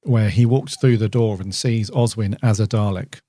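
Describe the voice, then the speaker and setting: A man's voice: lowish voice, steady tone, normal speed, warm tone, no room sound, clean studio sound. Rambling male podcast co-host. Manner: rambling, many fillers and restarts. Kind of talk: casual chat reviewing an episode.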